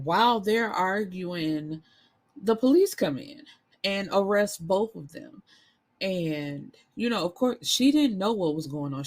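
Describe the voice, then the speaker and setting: A woman chatting through a book recap in a relaxed, colloquial way. Her voice sits a little low, and she gets animated and swears now and then. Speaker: book reviewer. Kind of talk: casual book summary.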